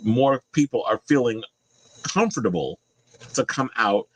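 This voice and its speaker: A man's voice: mid-range voice, expressive, measured pace, fairly bright tone, no room sound, rough recording. A man giving casual pop culture commentary in a blunt, profane, opinionated way.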